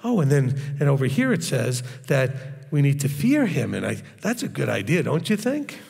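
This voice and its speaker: A man mimicking a soft, syrupy male preacher. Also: medium pitch, big pitch swings, normal speed, gravelly, in a large hall, slight background noise, pitched below the performer's own voice. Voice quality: soft, hushed.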